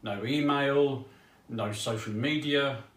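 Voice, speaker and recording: A man giving a sermon in a relaxed, chatty way with small humorous asides. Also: mid-range voice, slow pace. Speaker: preacher. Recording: echoey room heard from a distance.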